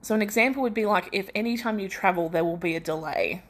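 A woman's voice: mid-range voice, fast. Rambling Australian woman podcaster. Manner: rambling and self-deprecating, many restarts and laughs. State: feverish. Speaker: podcast host. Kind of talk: casual solo podcast chat.

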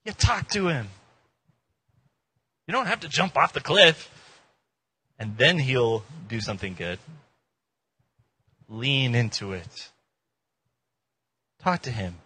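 A man preaching a casual, joking sermon in an informal, animated way. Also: mid-range voice, slow, pauses often, husky. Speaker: pastor.

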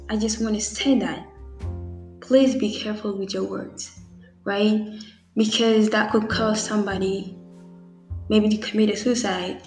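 A woman's voice: mid-range voice, a little mellow. An eighteen-year-old woman in casual vlog talk, speaking earnestly to her viewers with many fillers and restarts. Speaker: vlogger. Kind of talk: casual heartfelt talk to camera. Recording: roomy echo, faint music behind.

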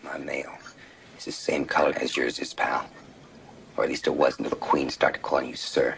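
Ruthless money guy, super low gravelly voice, smug and mocking. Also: little pitch movement, normal speed, fairly bright tone, a little hiss or hum, heavily acted. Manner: smooth, mocking, needling. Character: smug ruthless corporate raider, mocking and greedy. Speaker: corporate raider in a film scene.

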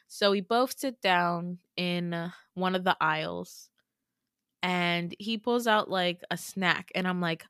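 A woman's voice: lowish voice, a little slow, a bit bright, clean tone, dry recording, studio quality. A woman host casually retelling a dream story in a chatty, filler-heavy way. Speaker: podcast host.

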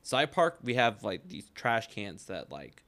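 A man's voice: on the low side, sing-song, a little slow, fairly bright tone. A young man co-hosting a podcast, telling a long, rambling story in casual chat, filled with "like" and frequent swearing. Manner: rambling anecdote, heavy use of "like", frequent swearing. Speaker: podcast co-host.

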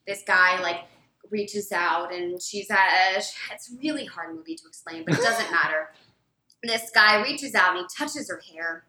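A woman's voice: fairly low pitch, moderate pace, sharp tone, reverberant, low-quality recording. A woman co-hosting a podcast, gushing enthusiastically in casual chat and filling her talk with "like". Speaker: podcast co-host.

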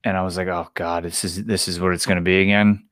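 Guy cohosting a sports podcast, fairly low voice, dry close sound, rambly and excited. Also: fast, no room sound. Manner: excitable, rambling retellings with short agreeing replies. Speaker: podcast co-host. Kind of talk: casual sports chat.

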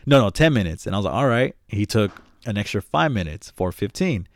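Low-pitched man, loose profane podcast co-host, dry close sound. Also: very animated, fairly quick, no room sound. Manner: profane, rambling storyteller. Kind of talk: casual chat.

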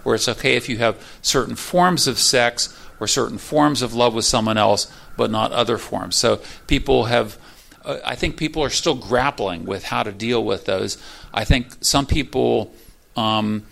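A man who is a guest author, explaining his ideas in a measured way. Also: medium pitch, creaky, a bit bright. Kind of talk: interview talk.

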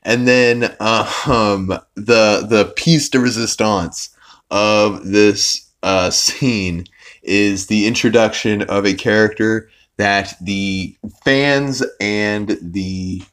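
A man's voice: fairly low pitch, steady tone, slow, a bit bright. A young man hosting a podcast, recapping an episode in a rambling, casual way with lots of fillers and restarts. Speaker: podcast host.

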